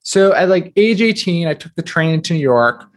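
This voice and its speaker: A man's voice: high voice, lively intonation. A man in his thirties from New Jersey, a guest author chatting casually in an interview, peppering his talk with fillers. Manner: chatty, quick, filler-heavy with many "like"s.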